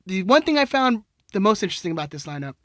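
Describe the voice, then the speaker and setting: A man with a high, bright voice co-hosts a casual podcast. He jokes, laughs easily and runs through a soccer lineup. The sound is dry and close. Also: very animated, fast talker, no room sound. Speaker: podcast co-host. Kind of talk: casual chat and soccer recap.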